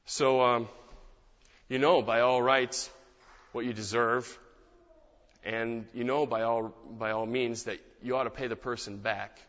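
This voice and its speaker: A man preaching a sermon as pastor, in a measured, gentle way with reflective pauses. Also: medium pitch, steady tone. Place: church. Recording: dull sound with long hall reverb.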